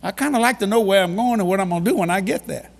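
A male preacher who leads a ministry gives a humorous storytelling sermon to an audience in a large hall, animated and repeating key lines for emphasis. His husky voice sits high and comes rapid-fire, carried by the long reverb of the big echoing space.

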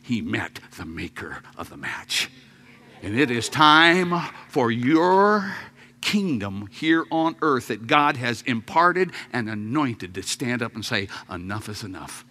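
A man with a medium-pitched voice delivers an energetic sermon at a slow pace. He jokes with the congregation and breaks into shouted rallying calls.

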